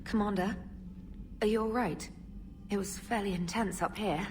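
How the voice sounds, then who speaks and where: An actress playing a brisk, helpful female communications officer on a starship in a video game, heard from a distance. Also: mid-range voice, a little mellow, a little hiss or hum, close to an everyday voice. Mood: briefing.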